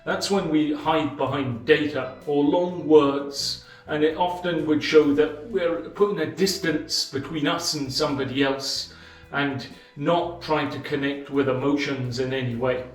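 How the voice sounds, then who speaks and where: A man explaining a book's ideas as a host, speaking in a measured way with deliberate pauses and emphasis. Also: a little high, fairly even intonation, distant mic. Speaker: channel host summarizing a book. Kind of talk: explanatory book-summary monologue. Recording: roomy sound from off the mic, faint music.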